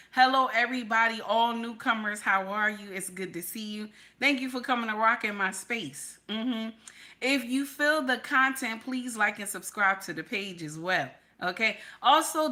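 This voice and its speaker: Female livestream host, chatty and familiar, repeats lines for emphasis, bright clear tone. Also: mid-range voice. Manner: chatty, greets viewers as baby and honey. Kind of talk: casual livestream commentary.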